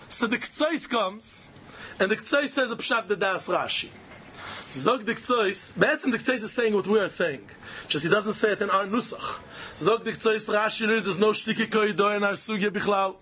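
A man giving an animated Talmud lecture, repeating key phrases for emphasis. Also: very high-pitched, slightly rough. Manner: animated, repeats phrases, mixes Yiddish and Hebrew terms. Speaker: Talmud teacher. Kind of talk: yeshiva-style Talmud lecture.

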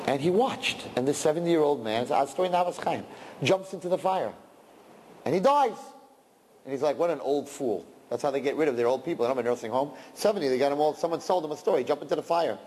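A man preaching a sermon and telling a story, animated and breaking into loud outbursts. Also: a little high, quick pace, long reverb tail.

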